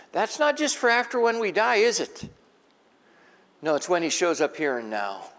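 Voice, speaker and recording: A man's voice: high-pitched, huge pitch swings, moderate pace, fairly bright tone. A man preaching a sermon in a conversational, folksy way, asking the congregation questions. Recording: long echo of a large hall.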